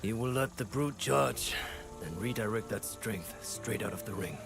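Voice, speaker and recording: A scheming, self-assured warlord from a video game. His low voice carries a gravelly edge and moves with a lively lilt, over a clear music bed. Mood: commanding. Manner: measured, lofty speech. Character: calculating male warlord, proud and scheming.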